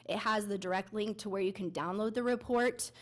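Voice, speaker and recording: A woman with a stuffy, congested cold voice presenting a community health plan at a board meeting, speaking into a mic. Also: a little fast. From Nevada. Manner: nasal, low congested voice. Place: meeting room. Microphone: handheld mic.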